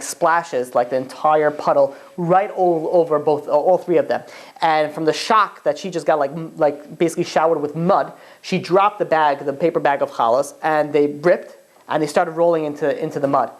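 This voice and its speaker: A woman's voice: low voice, darkish tone. A woman telling a long story in a chatty, casual way, with many "like" and "you know" fillers.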